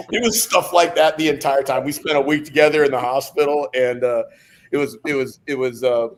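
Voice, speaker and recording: A middle-aged man, a podcast guest, telling stories in a lively, joking way with many restarts. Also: medium pitch, a little fast. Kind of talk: casual storytelling.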